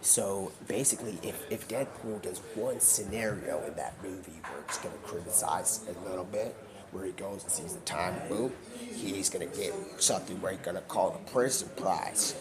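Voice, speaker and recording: A man's voice: deep voice, moderate pace, a loud crowd. A man livestreaming from a car while driving, telling a rambling improvised story that keeps jumping between put-on voices and whispers. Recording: clear background noise.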